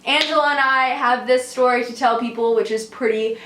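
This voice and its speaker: A young woman telling a story in a casual, animated way, with lots of fillers. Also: fairly high pitch, normal speed, reverberant, slight background noise.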